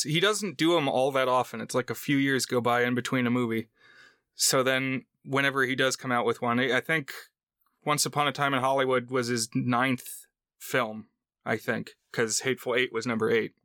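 A man with a bright, smooth voice talks films on a podcast. The sound is dry and close, and his manner is relaxed with dry jokes. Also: medium pitch, normal speed, no echo. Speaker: podcast co-host. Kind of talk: casual film chat.

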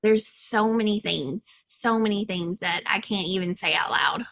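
A woman's voice: mid-range voice, a little slow, creaky, a bit bright, slight background noise. A woman in her thirties with a Southern country accent, chatting playfully and laughing often as co-host. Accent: American Southern country. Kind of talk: casual chat.

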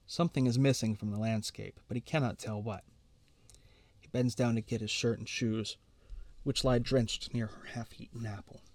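A man reading fiction aloud in a measured, quiet narrating manner. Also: mid-range voice, fairly even intonation, no echo. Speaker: storyteller.

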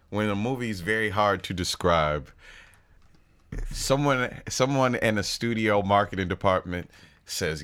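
A man co-hosting a film podcast in casual chat, with a laid-back, drawn-out delivery. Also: on the low side, a bit bright, smooth. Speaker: podcast co-host.

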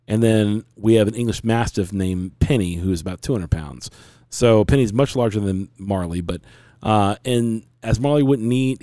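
A man's voice: fairly low pitch, dark tone, dry recording, clean studio sound. A man in his forties, hosting a podcast and earnestly telling a long, rambling personal story in casual conversation.

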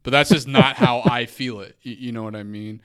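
A man's voice: mid-range voice, steady tone, brisk, a bit bright, clean tone, no room sound, studio quality. A man hosting a poetry interview, talking in a casual, enthusiastic way and swearing freely. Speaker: podcast host and interviewer. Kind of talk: casual conversation about poetry.

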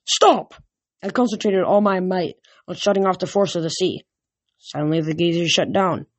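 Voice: mid-range voice, steady tone, a little fast, no echo. Reader doing a chapter of a novel, close dry mic, restarts here and there. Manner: plain reading with small slips and restarts. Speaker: audiobook reader. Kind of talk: storybook narration read aloud.

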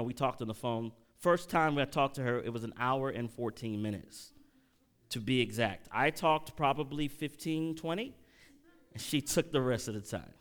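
A man's voice: mid-range voice, smooth. A middle-aged man preaching a sermon, telling a personal story and calling out questions to the congregation. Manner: animated preaching, audience call-outs, emotional storytelling. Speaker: pastor.

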